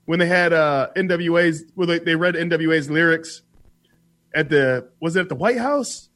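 A man's voice: on the high side, normal speed, a bit bright. A man co-hosting a radio show, blunt and profane in casual banter.

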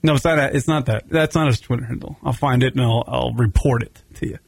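The gravelly, mid-range voice of a Long Island, New York comedy radio host comes through fairly quickly as he rambles, curses, and tells stories animatedly. No room sound is present.

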